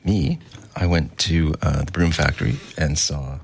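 A man co-hosting a radio show, talking casually in a hesitant, halting way. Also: extremely low pitch, fairly even intonation, husky. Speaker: radio co-host. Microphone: studio mic.

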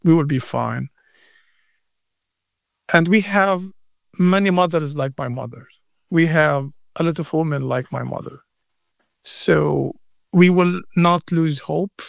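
Slow, gravelly man. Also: on the high side, no room sound, clean studio sound. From Gaza. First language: Arabic. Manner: halting, repeats words, earnest. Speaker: interview guest. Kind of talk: emotional interview answer.

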